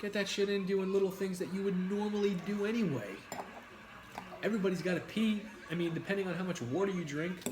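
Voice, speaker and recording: A man's voice: sits high, fast talker. A man chatting casually while eating on a home video, joking crudely and rambling through his advice. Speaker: mukbang vlogger. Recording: roomy with clear background noise.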